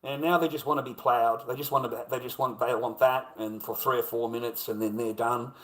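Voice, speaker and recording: A man's voice: mid-range voice, fairly even intonation, brisk, a bit bright, roomy sound. An Australian man in a crude, profane, rambling livestream rant, swearing constantly.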